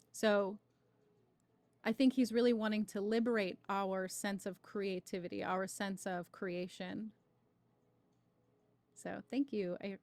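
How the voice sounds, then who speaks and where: A woman hosts a spiritual livestream, chatting casually about creativity and warmly greeting viewers by name ahead of a tarot reading, sprinkling in many "right?" asides. Her voice is mid-range and the recording is dry.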